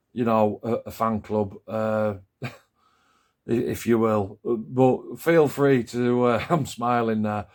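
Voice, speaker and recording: A man's voice: medium pitch, a little mellow. A man chatting casually in a hobby vlog about his scale model build, rambling, joking at his own expense and swearing now and then.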